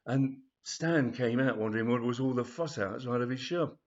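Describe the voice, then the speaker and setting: A man's voice: mid-range voice, normal speed, muffled recording. A man telling a comic story in a rambling, chatty way with many fillers. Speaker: author reading his story. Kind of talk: storytelling reading.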